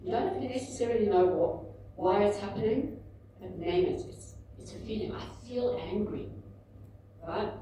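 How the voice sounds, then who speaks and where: A woman in her fifties giving a candid, animated talk at a book launch, telling personal stories to an audience. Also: medium pitch, moderate pace, noisy background. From South Africa. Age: 50s. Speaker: author and speaker. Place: large indoor event room. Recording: echoey hall, mic at a distance.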